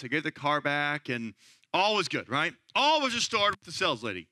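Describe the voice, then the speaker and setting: A man in his thirties giving a sermon as a pastor, telling a personal story in a relaxed conversational way with frequent "right?" asides. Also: on the high side, fairly quick, dry recording. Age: 30s.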